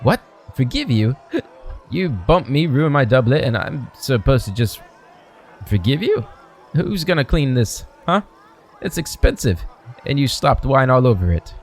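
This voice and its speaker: A man voicing a drunk, arrogant young male bully who sneers and shouts. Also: medium pitch, very animated, measured pace, voice pushed up. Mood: belligerent. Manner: loud, sneering and belligerent.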